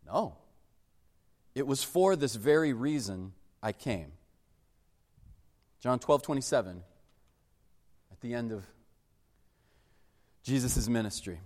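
A man preaching a sermon, emphatic and animated, dropping suddenly to a hush for weight. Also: a little high, big-room sound. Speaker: pastor.

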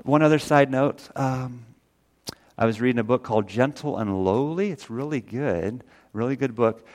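A pastor preaches with energy in a medium-pitched voice at a moderate pace. His sermon is folksy and earnest, and he gets loud when quoting scripture. At one point he briefly becomes tearful.

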